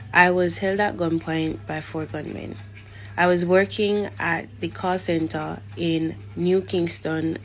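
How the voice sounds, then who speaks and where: A young woman with a Jamaican accent speaks in a slightly low voice, giving a personal testimony. She talks earnestly, with halting restarts, and her delivery grows fervent and preacher-like. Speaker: storyteller sharing a personal testimony.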